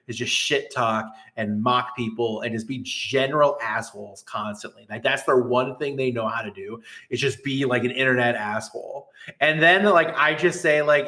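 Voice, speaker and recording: A man's voice: medium pitch, pushed and bright. A middle-aged man, a guest tournament administrator, ranting in a heated, profane and sarcastic way on a podcast.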